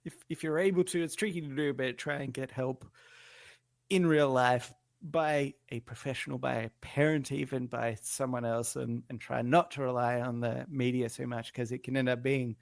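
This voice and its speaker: Podcast co-host, male, gravelly fry at mid pitch, dry close mic, earnest and halting. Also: fairly even intonation, dry recording. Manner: earnest, halting, many restarts. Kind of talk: casual podcast chat.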